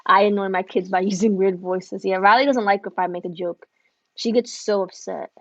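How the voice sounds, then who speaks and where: A middle-aged woman who runs an embroidery business hosts a live stream from her home craft studio, chatting casually with viewers as she works on orders. Her voice is medium-pitched and steady, moving at a moderate pace. The recording is dry, with the highs cut off.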